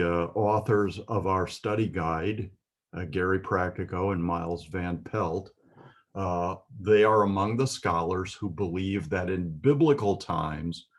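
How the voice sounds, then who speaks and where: A man teaching a Biblical Hebrew lesson, explaining letters methodically with occasional fillers. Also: low-pitched. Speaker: Bible language teacher.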